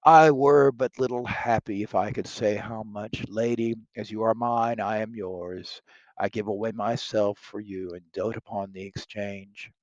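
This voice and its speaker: A man's voice: lowish voice, fairly even intonation, measured pace, no echo, lo-fi sound. A man reading aloud the part of a lovestruck young nobleman in an earnest, declaiming way.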